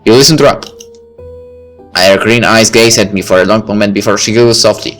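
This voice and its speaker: Low-voiced man reading a visual novel. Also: steady tone, a little fast, a bit bright, soft background music. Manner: casual asides between narration. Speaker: let's play reader.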